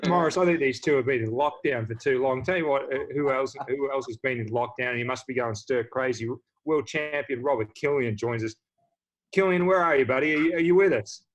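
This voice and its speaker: A man's voice: mid-range voice, brisk, lo-fi sound. A man hosting a casual video-call interview, upbeat and chatty, often restarting his sentences. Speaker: host.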